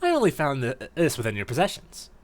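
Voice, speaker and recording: A man voicing a kind female psychic healer creature from a game, gentle and chatty. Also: mid-range voice, wildly swooping pitch, fast, slight background noise. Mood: friendly. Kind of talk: voicing game dialogue on stream.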